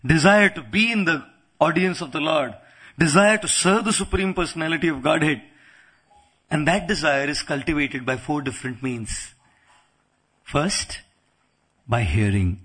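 A male preacher delivering a sermon with a lively storytelling manner, often slipping into quoted voices and playful asides. His voice is husky and sits fairly high for a man. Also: normal speed, pauses often. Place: lecture venue in the UK.

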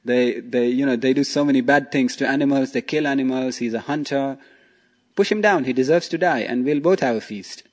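A man's voice: mid-range voice, a little fast, in a large hall, close to an everyday voice. A man voicing a cunning, hungry male tiger in a told story, coaxing and pushy. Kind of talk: storytelling in a talk.

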